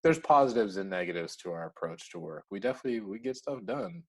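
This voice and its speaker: Animated, low-voiced man chatting. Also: fast talker, gravelly, husky. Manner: animated, many fillers and acted-out quotes. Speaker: interview guest, recruiting firm founder. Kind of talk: casual conversational interview.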